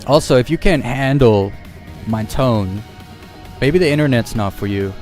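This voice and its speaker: A man's voice: mid-range voice, animated, measured pace, a little mellow, soft background music. A man streaming a game live, chatting casually and shrugging off criticism with a laugh. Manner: casual and dismissive, laughing things off.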